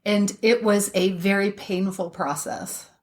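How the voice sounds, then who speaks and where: A woman's voice: medium pitch, steady tone, unhurried, a little mellow. A woman co-hosting a podcast, telling a story in casual chat, blunt and swearing freely. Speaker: podcast co-host.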